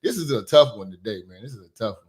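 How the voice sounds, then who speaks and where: A man's voice: fairly low pitch, animated, fast talker, heavy background noise. A man hosting casual commentary who speaks bluntly and profanely in a conversational way. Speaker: commentary host.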